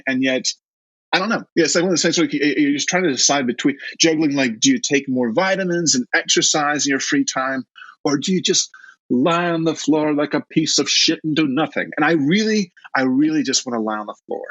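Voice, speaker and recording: A man with a Southern US accent, an author chatting in an interview, self-deprecating and halting with many restarts. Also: fairly high pitch, expressive, a bit bright, dry recording, muffled recording. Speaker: guest author. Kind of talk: casual interview chat.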